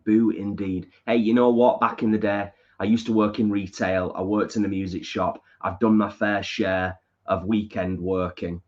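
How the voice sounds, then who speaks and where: Northern English male co-host, lower voice, relaxed home live-stream chat, muffled audio. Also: moderate pace, few pauses. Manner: reads viewer comments aloud and replies. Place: home lounge.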